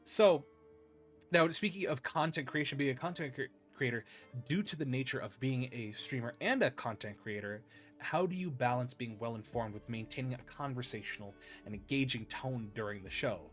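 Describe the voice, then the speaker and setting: A man hosting a casual interview podcast, animated and excitable, laughing often. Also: medium pitch, moderate pace, faint music behind. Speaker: podcast host.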